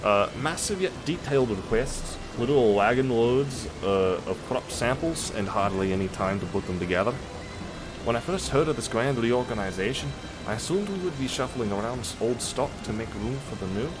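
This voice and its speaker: A man's voice: animated, normal speed, background noise, lightly acted. A man reading game dialogue aloud as an overworked male farm laborer, trying for an Irish or Scottish lilt. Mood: cheery. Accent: attempted Irish or Scottish lilt. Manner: louder, higher and brighter than his own voice.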